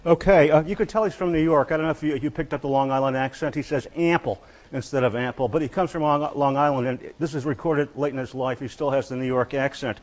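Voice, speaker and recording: Halting male professor giving a literature lecture. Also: medium pitch, steady tone, darkish tone, muffled recording, slight background noise. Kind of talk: university lecture.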